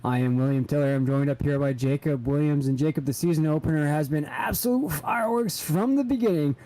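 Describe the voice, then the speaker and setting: A man's voice: on the high side, brisk, mellow, rough recording. A man doing live play-by-play commentary on an online racing broadcast, upbeat and announcer-like, reading out standings and going to breaks.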